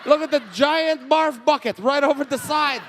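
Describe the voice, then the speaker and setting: A man with a Quebec French accent performing stand-up comedy live, telling stories in an animated way and acting out what people said. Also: extremely high pitch, moderate pace, a little hiss or hum. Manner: animated storytelling, acting out quotes. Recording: reverberant live venue with ambience.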